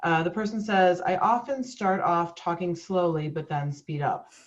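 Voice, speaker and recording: A woman with a lowish voice moderates a webinar Q&A, friendly and relaxed. Her video call audio sounds dull and lo-fi. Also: moderate pace.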